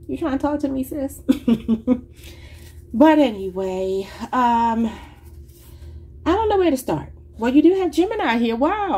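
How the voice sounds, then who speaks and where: With a fairly high, slightly mellow voice, this tarot reader chats her way through a casual reading, rambling and thinking aloud. She's informal and says "y'all," and there's a little background noise.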